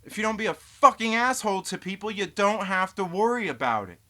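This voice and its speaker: A man with a bright, forward voice rants through a live stream, cursing constantly as he reads chat messages aloud. He jumps from loud outbursts to low muttering. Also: very animated, a little fast. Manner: swearing, ranting, heated. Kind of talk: profane live stream rant, reading chat.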